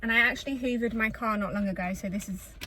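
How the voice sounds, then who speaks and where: A woman's voice: on the high side, fast talker, pushed and bright, slight background noise, rough recording. Chatty woman vlogging from her car. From England. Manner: chatty, self-deprecating, rambling. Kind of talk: chatty shopping vlog. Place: in her car in a retail park.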